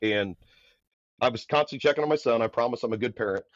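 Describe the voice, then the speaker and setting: A man from the Midwest, a podcast guest, telling a story in a loud, energetic, casual way. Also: mid-range voice, fast, no echo. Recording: dull, dry podcast audio.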